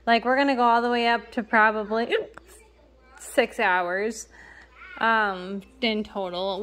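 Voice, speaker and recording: A woman's voice: a little high, a bit bright. A young woman giving a casual home vlog update, rambling with lots of fillers and restarts, and she has the hiccups. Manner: rambling, filler-heavy, self-correcting. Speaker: parent vlogger.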